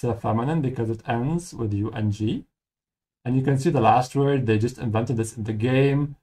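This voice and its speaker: Brief: male language tutor, friendly and explanatory, animated delivery. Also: mid-range voice. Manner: friendly, explanatory, repeats key words slowly. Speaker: German teacher. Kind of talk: explaining game dialogue as a language lesson.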